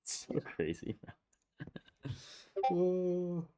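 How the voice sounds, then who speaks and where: A man hosting a casual trading stream, excitable, swearing freely and laughing often. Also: sits high, very slow, clear, resonant tone. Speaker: stream host.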